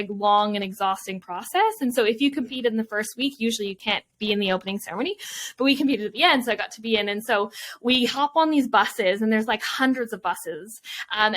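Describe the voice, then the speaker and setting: A young woman guest in an interview, recalling her past with open emotion and a reflective tone. Her voice sits a touch high, and she talks in quick runs broken by "like" and "um". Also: fairly bright tone. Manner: emotional, reflective, many fillers. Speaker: Olympian guest. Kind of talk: interview storytelling.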